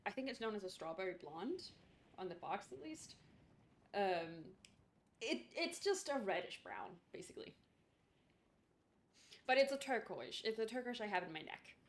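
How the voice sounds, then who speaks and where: A woman's voice: medium pitch, sing-song, normal speed, pauses often. Chatty young woman streamer rambling. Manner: rambling, chatty, many fillers. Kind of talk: casual chat while gaming.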